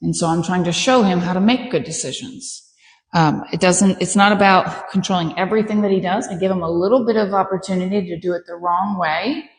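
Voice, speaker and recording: A woman dog trainer calmly and patiently explaining her training steps as she works a dog. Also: a little fast, echoey room, big-room sound. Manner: calm, patient explaining, bursts of high praise.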